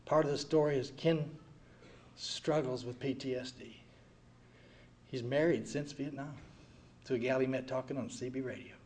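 A man in his sixties giving an earnest personal recovery testimony, swinging from quiet heavy passages to loud wry ones. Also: mid-range voice, fairly even intonation, moderate pace, long pauses. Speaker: speaker sharing at a recovery meeting.

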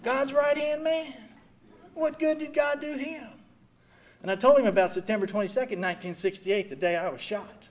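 An older man speaking at a recovery meeting, giving an animated, self-mocking personal testimony full of "you know.". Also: very high-pitched, moderate pace.

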